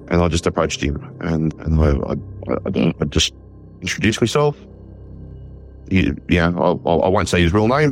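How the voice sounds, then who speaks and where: An Australian man, a war historian, telling a story in an interview with lively retold dialogue and frequent restarts. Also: sits low. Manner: animated, retells conversations in quoted dialogue, frequent restarts.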